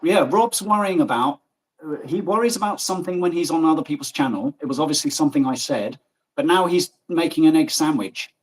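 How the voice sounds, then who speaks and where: Gobby, joking man with a husky voice. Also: a little high, a little fast, low-quality recording. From Germany. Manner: animated, joking, gobby and swears freely. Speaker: livestream host. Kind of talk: casual chat.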